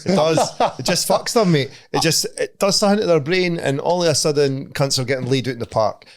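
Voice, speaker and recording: A man's voice: a little high, fairly quick, no echo, clean studio sound. A Scottish man co-hosting a podcast, talking bluntly and swearing. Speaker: podcast co-host. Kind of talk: casual chat.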